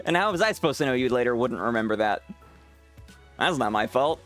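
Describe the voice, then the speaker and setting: A man's voice: medium pitch, lively intonation, normal speed, a bit bright, soft background music. A man streaming a game and chatting with viewers, teasing them, swearing freely and laughing often. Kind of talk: casual live-stream chat with viewers.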